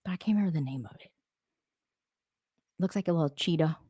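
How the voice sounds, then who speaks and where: A woman's voice: lowish voice, fast, dark tone, slightly rough, no echo, clean studio sound. A woman hosting a casual live stream, talking to viewers, answering their comments and laughing often. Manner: laughs often, rambling asides.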